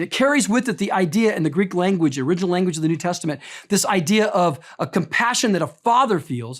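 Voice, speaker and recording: A middle-aged pastor preaching to his congregation in a church. He tells personal stories with emphatic, heartfelt delivery, pressing hard on key words. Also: high-pitched. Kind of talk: sermon.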